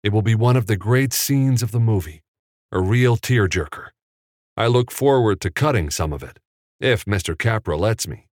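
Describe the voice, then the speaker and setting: A man plays an earnest young film editor, sincere and eager, in a lightly acted performance pitched above his own voice. The result is on the low side, darkish in tone, with lively intonation at normal speed, on a dry, clean studio recording.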